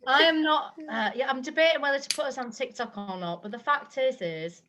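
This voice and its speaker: A woman's voice: high voice, fairly quick, fairly bright tone. Teasing woman guest, faint background hiss. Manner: teasing, playful. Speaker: guest brewery co-owner. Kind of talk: casual chat.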